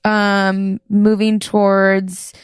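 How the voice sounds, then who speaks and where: A woman's voice: medium pitch, completely flat delivery, extremely slow, clear, resonant tone, no room sound, clean studio sound. A young woman, a guest athlete, in easygoing casual chat, laughing often and hesitating with fillers.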